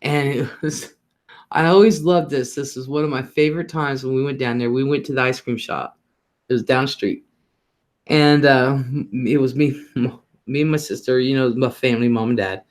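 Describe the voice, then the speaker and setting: A man of middle pitch tells a rambling family story in easy, casual chat. He breaks into light laughs between sentences and keeps the flow going with plenty of asides. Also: steady tone, normal speed. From northern US. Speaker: host of a live talk stream. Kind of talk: casual chat, telling anecdotes.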